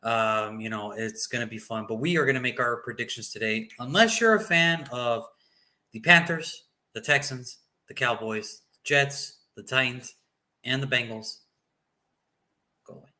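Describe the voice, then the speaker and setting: A man's voice: medium pitch, normal speed, pushed and bright. A man hosting a casual sports talk show, chatty and teasing, often repeating his phrases.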